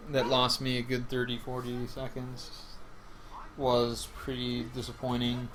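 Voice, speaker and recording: Young male gamer, excitable run commentary, loose and rambling, faint hiss behind. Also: mid-range voice. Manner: rambling, self-correcting, excitable. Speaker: speedrunner commentating his own run. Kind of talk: casual gameplay commentary.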